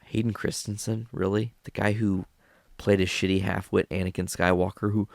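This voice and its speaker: A man's voice: fairly low pitch, moderate pace, vocal fry, dry recording. A man hosting a solo podcast, ranting bluntly with heavy profanity. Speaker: podcast host.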